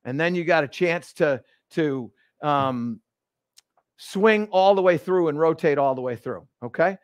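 A man hosting a live golf lesson, explaining each move step by step with energetic restarts in an indoor golf studio. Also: a little high, unhurried, no room sound. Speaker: golf instructor and show host. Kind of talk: live instructional demonstration.

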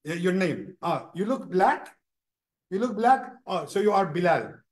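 A man acting out an overzealous brother at a mosque, who pushes new converts with rapid, insistent orders. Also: high voice, sing-song, voice pushed down. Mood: pushy. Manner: pushy, insistent, rattles off orders.

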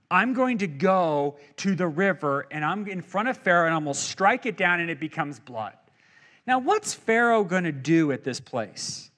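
A male pastor preaching a sermon in a church, animated and jokey, acting out quotes as he goes. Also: high-pitched.

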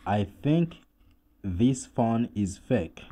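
In a deliberate, slow drill, this Rwandan-accented man says each English word twice and then gives the translation. His mid-pitched delivery is sing-song, with a dark tone.

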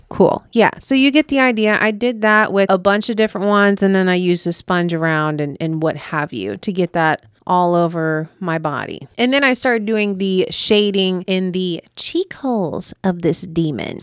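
A woman's voice: mid-range voice, clear, resonant tone, no echo, clean studio sound. Chatty young woman. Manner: chatty, playful, talks to camera. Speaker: makeup artist vlogger. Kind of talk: casual tutorial chat.

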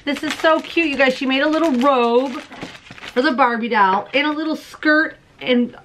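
A woman with a fairly high, bright-toned voice chats casually to her camera at home, gushing over each gift she opens. She laughs easily and talks like a friend showing off her mail, with a faint hiss behind her. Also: normal speed. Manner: bubbly and gushing, laughs often. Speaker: crochet and knitting podcast host.

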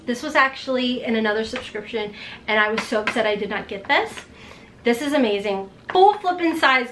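A woman in her forties unboxing beauty products in a vlog, gushing and gasping with excitement. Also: sits high. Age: 40s. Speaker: beauty vlogger.

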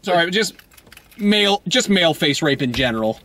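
An American man joins a loose film review chat, talking in an animated, exclamatory way. His pitch swings widely and sits a bit high. A faint hiss runs under the recording. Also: moderate pace. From United States. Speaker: movie review co-host. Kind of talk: casual movie review chat.

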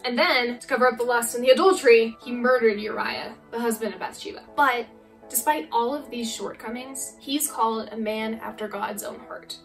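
A woman's voice: fairly high pitch, recorded from a distance, rough recording. A woman teaching a youth Bible lesson in a casual, playful way, acting out characters now and then.

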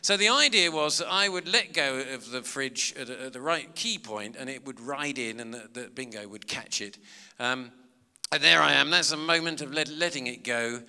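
A man's voice: mid-range voice, moderate pace, vocal fry, pushed and bright, clear, resonant tone. A man, a comedian and author, telling chatty, self-mocking anecdotes to a live audience. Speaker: comedian and author giving a talk. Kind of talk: storytelling talk to a live audience. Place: large public hall. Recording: long hall reverb.

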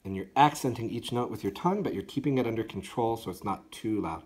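A man teaching a school band part, talking his students through it measure by measure. He counts out loud, sings the notes, and keeps his tone encouraging. His pitch swings widely from phrase to phrase. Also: animated, quick pace, husky. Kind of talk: instructional walkthrough for students.

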